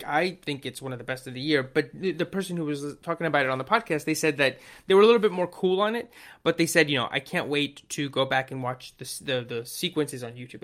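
Podcast co-host, male, bright and forceful tone, rambling and excitable. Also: fairly high pitch. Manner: rambling, excitable, lots of fillers and restarts. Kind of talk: casual chat.

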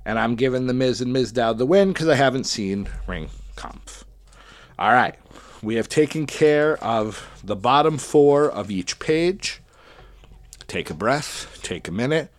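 A man's voice: mid-range voice, expressive, a little slow, no room sound. A man casually talking through his picks for a wrestling tournament, chatty and thinking aloud as he goes. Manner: chatty, thinking aloud while picking winners. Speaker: wrestling podcast host. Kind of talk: casual solo commentary.

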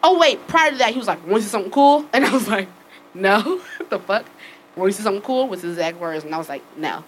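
Fast-talking woman telling a wild story. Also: mid-range voice, a little hiss or hum, poor audio. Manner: animated, acts out quoted dialogue with swearing; laughs often while telling. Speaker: storyteller among friends. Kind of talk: casual storytelling.

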